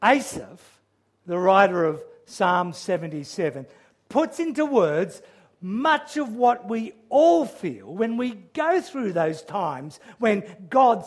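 A man preaching a sermon, earnest and measured, with frequent restarts, who raises his voice when he quotes a psalm's cries. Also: high voice. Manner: quotes scripture in a raised, crying-out voice.

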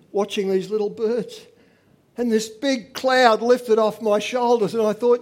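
Older man, church testimony, earnest storyteller, voice sits a bit high. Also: a little slow. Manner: earnest storytelling, swings from animated to quiet. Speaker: church member giving a testimony. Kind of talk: personal testimony to a congregation.

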